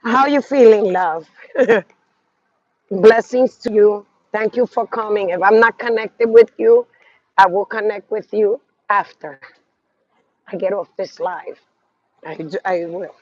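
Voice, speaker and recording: Congested man, high voice, rambling outdoor live streamer, dry lo-fi phone sound. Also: slow, pauses often, no echo. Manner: rambling, talks to viewers, trails off. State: congested from sinus trouble. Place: outdoors walking a city street.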